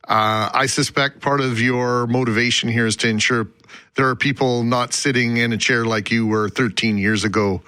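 A male host speaks in a bright, forceful voice in a dry studio. He asks his questions in a measured, slightly hesitant way. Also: medium pitch, no echo. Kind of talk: broadcast interview.

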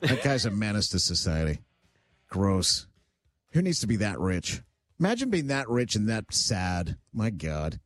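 A man's voice: lowish voice, sing-song, a little slow. Radio host guy, chatty and blunt, voice goes way up and down. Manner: chatty, blunt, lots of restarts. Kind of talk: casual on-air chat. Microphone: studio microphone.

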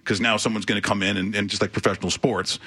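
A man's voice: fairly low pitch, quick pace, slightly rough. A middle-aged man, a radio personality, telling stories on a studio microphone and acting out the voices of others. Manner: animated storyteller, acts out quotes. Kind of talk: casual radio interview.

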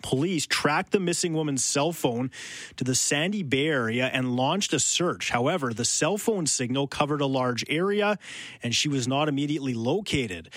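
A man reading the news as anchor, with a steady, measured delivery. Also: medium pitch, no room sound. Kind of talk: radio newscast reading.

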